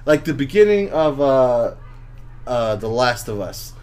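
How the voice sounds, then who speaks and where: A man in the middle of a casual podcast chat, with a voice that sits at an ordinary middle pitch for a man. He tells his stories excitedly and keeps stumbling over fillers and restarting his sentences. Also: measured pace, clean tone. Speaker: podcast co-host.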